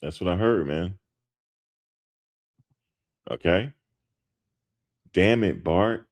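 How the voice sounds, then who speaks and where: A man's voice: deep voice, lively intonation, drawn-out words. A man hosting a show, talking casually and emphatically to his viewers, repeating his points with lots of slang. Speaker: host.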